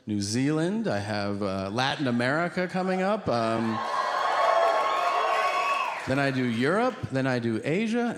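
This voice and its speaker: A man doing stand-up on a stage mic, his pitch swinging freely as he tells profane stories. His voice rings through a big reverberant hall, with clear crowd noise behind him. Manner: animated, profane storytelling with acted-out quotes. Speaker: stand-up comedian. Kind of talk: stand-up routine.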